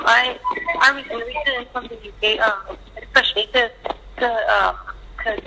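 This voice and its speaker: A woman's voice: medium pitch, vocal fry, pushed and bright. Woman caller, hesitant, lots of ums, faint line hiss. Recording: phone line.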